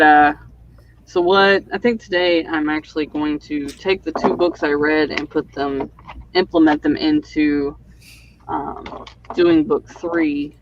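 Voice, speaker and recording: A woman's voice: deep voice, muffled recording. A woman hosting a writing livestream, chatting casually and rambling with lots of fillers over a video call. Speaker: livestream host and author.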